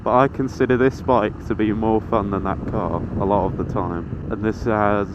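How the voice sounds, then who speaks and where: A teenage male motovlogger with a low voice gives casual running commentary while riding a motorbike through town traffic outdoors, talking at normal speed. He swears, mocks himself and lets out sudden excited yelps. His helmet-mounted action camera captures dull lo-fi sound dominated by loud wind, traffic and engine noise.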